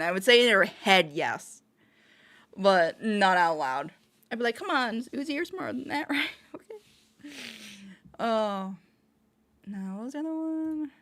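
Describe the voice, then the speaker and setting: A woman's voice: mid-range voice, fairly bright tone. A woman livestreaming casual chat, rambling and often laughing, with frequent self-interruptions.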